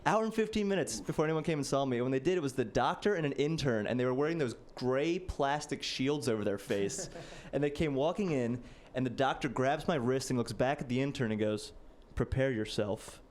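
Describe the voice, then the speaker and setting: A man's voice: mid-range voice, expressive, brisk, few pauses. A man in his late twenties doing a casual, self-deprecating stand-up set, peppered with "like.". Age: late 20s. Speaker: stand-up comedian. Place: stage before a live audience.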